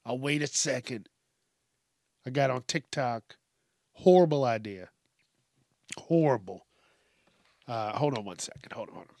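A man's voice: mid-range voice, a little slow, long pauses, a little mellow, no room sound. A man hosting a solo podcast, rambling and swearing, sometimes calling himself by name in the third person. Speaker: podcast host.

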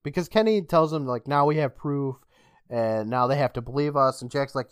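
Male podcast co-host, mid pitch, animated storyteller, dry close mic. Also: moderate pace, clear, resonant tone, dry recording. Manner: animated, acts out quotes with laughs. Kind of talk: casual chat recapping a TV episode.

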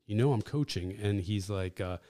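A middle-aged man, a pizza shop owner, telling animated stories as a podcast guest, swearing casually. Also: on the low side, normal speed, no room sound. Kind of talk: casual storytelling. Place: podcast studio.

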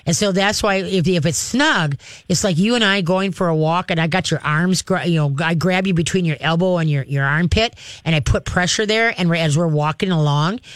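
A dog trainer hosts a call-in show, coaching a caller in a direct, no-nonsense way. The voice sits at a middle pitch. It is recorded close and dry, with almost no room sound. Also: brisk, fairly bright tone, clear, resonant tone, no room sound. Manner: direct, practical and coaching, acts out commands to dogs. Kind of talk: call-in advice.

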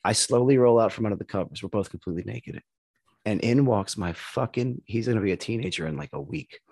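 A man's voice: fairly low pitch, fast talker, vocal fry, slightly rough, dry recording. A middle-aged man from the United States, telling stories in a casual chat, loose and profane. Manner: profane, animated storytelling.

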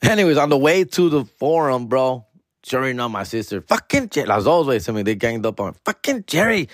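Slangy dude, dry close mic. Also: male voice, a little fast, no room sound. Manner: slangy, peppered with "fool" and "dog", switches into Spanish; animated, acts out family members in higher voices. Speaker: podcast host. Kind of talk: casual storytelling monologue. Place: home, alone in the house.

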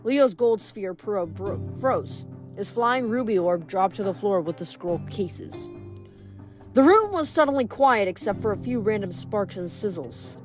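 Woman reading a novel aloud. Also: medium pitch. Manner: steady storytelling narration. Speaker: reader.

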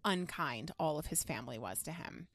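A woman's voice: deep voice, expressive, normal speed, a bit bright, dry recording. A woman co-hosting a casual chat podcast, emphatic and prone to repeating herself. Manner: emphatic, repeats herself when she dislikes something. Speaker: podcast co-host.

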